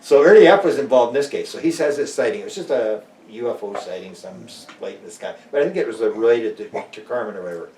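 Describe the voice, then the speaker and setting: An older man from Canada, a guest in an interview, telling stories casually and acting out the people in them with lively jumps in his voice. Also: quick pace, hardly any pauses, slight background noise. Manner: animated, acts out quoted people with big pitch jumps. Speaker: interview guest, UFO researcher. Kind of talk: casual storytelling. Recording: roomy, distant mic.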